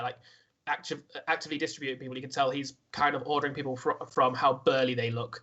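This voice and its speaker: A man's voice: medium pitch, flat delivery, fast talker, sharp tone, muffled recording. A man narrating as dungeon master, casually describing scenes with frequent restarts. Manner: swears freely, restarts often. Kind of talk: narrating a tabletop game.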